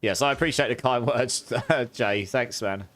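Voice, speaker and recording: A man's voice: medium pitch, normal speed, a bit bright. A young man chatting casually on a game live stream, thanking viewers and exclaiming often.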